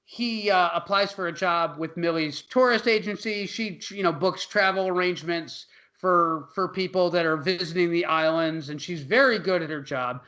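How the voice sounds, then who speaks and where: A man's voice: a little high, sharp tone, rough recording. A man co-hosting a podcast, recapping a movie in loose, profane, laughing casual chat. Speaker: podcast co-host.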